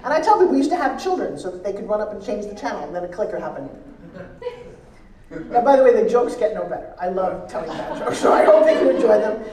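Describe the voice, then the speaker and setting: Amid crowd noise, a quick-paced woman gives an upbeat, humorous motivational seminar on pitching from a stage in a large event hall. The recording has a roomy hall quality, captured from a distance.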